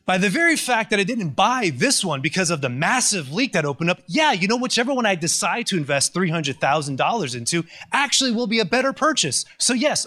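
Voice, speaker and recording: A man's voice: high-pitched, a little fast, few pauses. A man giving a conversational, sarcastic lecture, telling stories with lots of energy. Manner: conversational, sarcastic, animated storytelling. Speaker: Catholic lecturer. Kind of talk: recorded lecture.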